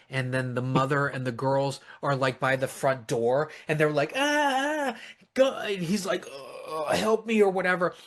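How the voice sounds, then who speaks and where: A man co-hosting a casual film review, animated and swearing often, acting out lines from the movie in mocking voices. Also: medium pitch. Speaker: podcast co-host reviewing films.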